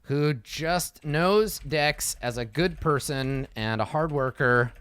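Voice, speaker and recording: A man's voice: a little high, takes it slowly, fairly bright tone, clear, resonant tone, no room sound. A man talking casually as a game master, thinking aloud while he prepares a campaign session, swearing freely and acting out quotes. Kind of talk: casual solo campaign prep talk.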